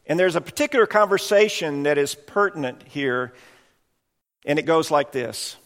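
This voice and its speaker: A male preacher gives an earnest sermon, explaining his points carefully in an animated way at a moderate pace. His voice is fairly high and fairly bright in tone, and his words hang in a long hall reverb.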